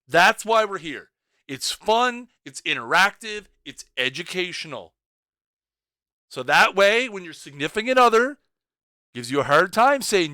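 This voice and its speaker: Male streamer host, jokey and teasing, clear smooth voice, high-pitched. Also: very animated, unhurried, bright, forceful tone, no echo, studio quality. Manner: joking, playful, teasing. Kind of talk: casual livestream commentary.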